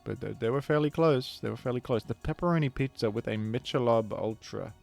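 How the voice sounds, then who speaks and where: A man talks through a game in a loose, chatty commentary, often correcting himself mid-sentence. His voice sits at an ordinary middle pitch. Faint music plays underneath. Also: a little fast, creaky, a little mellow. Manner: rambling, chatty, self-correcting. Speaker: gaming video creator. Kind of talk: casual gameplay commentary.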